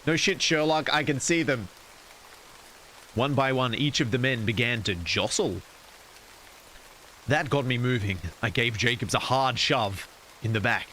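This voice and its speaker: A man's voice: medium pitch, unhurried, long pauses, bright, forceful tone, slight background noise, rough recording. A man streaming, casually reading a horror story aloud and cracking jokes to chat. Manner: casual, wisecracking asides to chat.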